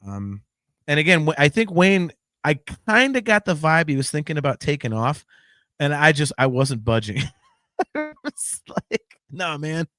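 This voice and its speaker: Excited rambling man telling a story. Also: a little high, moderate pace, no echo, studio quality. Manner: rambling, excited, swears casually. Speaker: podcast host. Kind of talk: casual storytelling chat.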